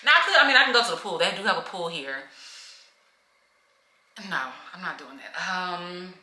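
A woman's voice: on the low side, animated, moderate pace, pushed and bright. A young woman vlogging to camera in a hotel room, venting and emotional, holding back tears. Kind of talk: casual vlog talk to camera. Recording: echoey room.

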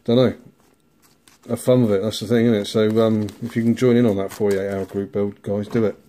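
A man hosting a casual model-building bench update, relaxed and rambling, chuckling at himself now and then. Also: fairly low pitch, a little fast. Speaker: scale model builder, channel host.

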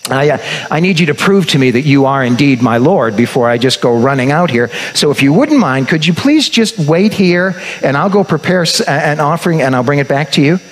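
Man doing a nervous young man, stammering, pleading, voice pitched up high and bouncing around. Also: lively intonation, brisk, few pauses, natural voice, low-quality recording. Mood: hesitant. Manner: stammering, rising questions. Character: anxious doubting young man, hesitant and pleading.

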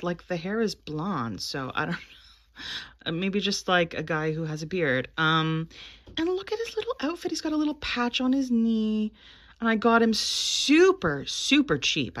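A woman's voice: deep voice, a bit bright. A woman in her forties chatting casually about her vintage toy finds, rambling with lots of fillers and little laughs. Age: 40s. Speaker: vintage toy collector vlogger. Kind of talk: casual show-and-tell vlog.

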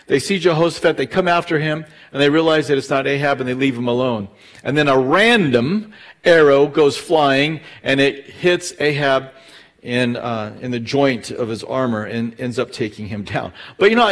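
Man, pastor, middle-aged, relaxed Bible teaching, slightly raised pitch, conversational fillers. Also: moderate pace. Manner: casual storytelling with fillers and lively retold dialogue.

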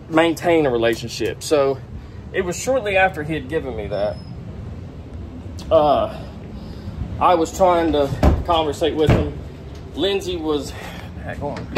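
A man of middle pitch tells a personal story to the camera, speaking plainly and frankly. He drops the occasional curse word. Faint noise sits behind his voice. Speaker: vlogger.

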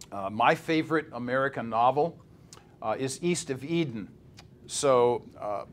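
A middle-aged man, a professor, giving a conversational Bible lecture with many filler "uh"s between phrases. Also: mid-range voice.

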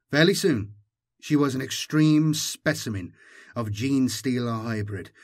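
A man reading an audiobook in measured, dramatic scripted narration. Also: mid-range voice.

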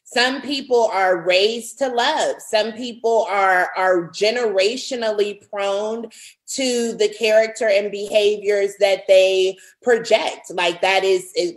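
A woman's voice: mid-range voice, low-quality recording. A woman in her thirties, a pastor and author, speaking earnestly as a podcast guest, with heartfelt emphasis and repetition as she builds each point. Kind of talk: earnest interview conversation.

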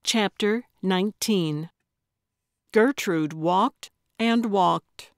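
Woman narrator, audiobook, slow even delivery, dry close sound. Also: on the low side, no echo. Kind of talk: scripted narration.

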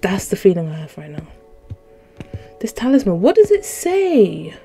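A woman's voice: medium pitch, huge pitch swings, moderate pace, mellow, soft background music, poor audio. A young woman, commentating a horror game she is playing, jumpy and easily startled, with gasps and exclamations. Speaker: gaming YouTuber.

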